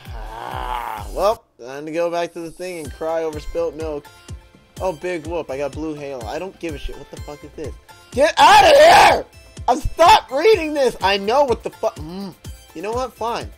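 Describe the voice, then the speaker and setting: A man's voice: a little high, normal speed. A man hosting a gaming channel who gives profane let's-play commentary and rants and swears whenever the game goes against him. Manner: swearing, frustrated ranting. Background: game music.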